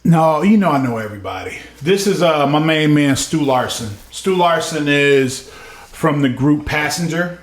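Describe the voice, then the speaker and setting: Male podcast co-host, casual and animated storyteller, slightly high voice, roomy echo. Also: normal speed. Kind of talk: casual chat.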